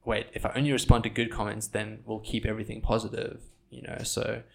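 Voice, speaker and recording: Animated young man, swearing, mocking quotes. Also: a little fast, vocal fry, slight background noise. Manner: animated, swears freely, acts out quotes in high mocking voices. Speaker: filmmaker and content creator. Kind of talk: casual podcast chat.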